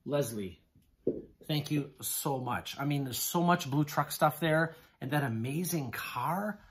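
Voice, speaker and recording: A haul vlogger, a man with a voice on the high side, unboxes items for the camera at a slightly slow pace. He gushes excitedly with shaking hands, exclaiming often and pausing again and again to say "oh my goodness" and how amazed he is.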